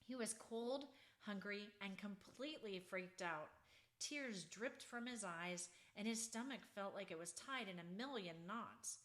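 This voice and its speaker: Lady author reading a kids book out loud, slow and expressive, mid pitch. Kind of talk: storybook read-aloud.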